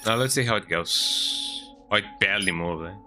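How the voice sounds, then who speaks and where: A man's voice: on the low side, moderate pace, soft background music. A man streaming a video game, talking casually to viewers as he plays and often ending sentences with "eh?". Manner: chatty, lively, tags sentences with "eh?". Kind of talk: casual gameplay commentary. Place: home, with a cat on his lap.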